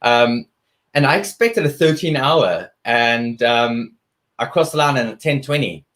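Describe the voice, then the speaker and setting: A man's voice: medium pitch, expressive, a little slow, a bit bright. A man, a guest athlete telling his story earnestly in an interview, often restarting his sentences.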